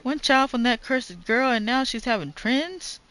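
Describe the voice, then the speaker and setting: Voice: mid-range voice, lively intonation, measured pace, fairly bright tone, clean tone, voice pushed up. A gamer voicing a scolding old wife while reading game dialogue aloud, with an indignant, berating manner.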